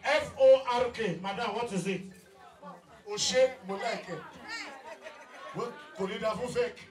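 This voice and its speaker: A Nigerian man with a Nigerian English accent, working as a comic MC at a party and teasing the crowd loudly. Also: very high voice, a little slow. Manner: joking, loud, teasing the crowd. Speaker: event MC. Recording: echoey hall with crowd, mic far.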